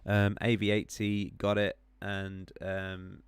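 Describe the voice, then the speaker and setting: Clicking through crypto charts on his live stream, a man chats with viewers, rambling and correcting himself with lots of ums. His low voice is completely flat and slow, with a clean tone and no echo.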